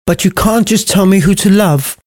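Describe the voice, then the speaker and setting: A man's voice: sits high, normal speed, no echo, studio quality, voice pushed up, lightly acted. A man voicing a sheltered, blunt, posh teenage girl in a comic storybook retelling, in a prim upper-class manner.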